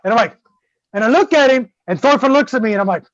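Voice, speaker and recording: A man guest-hosting a casual chat, telling a long story in a profane, animated way. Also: very high-pitched, fast talker, highs cut off, noisy background. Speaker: guest host.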